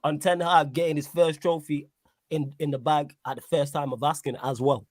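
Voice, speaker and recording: A man's voice: a little high, fairly even intonation, moderate pace, no echo, studio quality. A man hosting a live-streamed football podcast in a chatty, slangy way, asking viewers to like and subscribe. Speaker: host.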